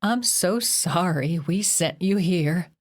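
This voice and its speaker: A woman doing a soft tearful mother. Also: mid-range voice, expressive, unhurried, breathy edge. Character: gentle worried mother, middle-aged woman.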